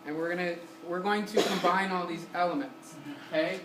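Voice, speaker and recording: Male music teacher, energetic classroom delivery with quick questions and sung demos; distant, roomy recording with background noise. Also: high voice. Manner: sings short syllables to demonstrate. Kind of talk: classroom lesson. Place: community center room.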